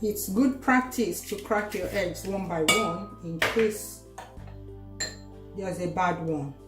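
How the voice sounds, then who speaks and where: A woman's voice: fairly low pitch, slow pace, over music. A middle-aged woman with a Nigerian Igbo accent, hosting a cooking tutorial in a chatty, playful way, confirming her points with "yeah" and "yes". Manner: playful, laughs between steps. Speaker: cooking channel host.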